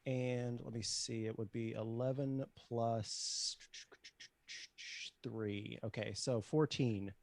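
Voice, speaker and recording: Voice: mid-range voice, slow, gravelly, dry recording. Dry-sounding player in a tabletop game. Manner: animated, playful in character.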